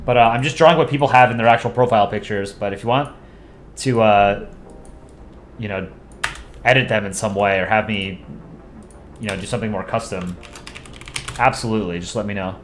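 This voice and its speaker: In a casual livestream, a young man relaxedly answers viewers' messages while drawing, talking fairly quickly in a lowish voice. He takes long pauses, and there's a little hiss or hum in the audio.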